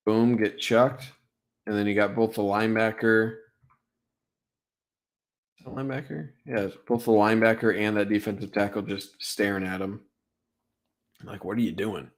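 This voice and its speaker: A young sports streamer with a fairly low voice walks through football plays on a casual live stream at normal speed with long pauses. He gets excited over big hits and leans heavily on "like" and "right?".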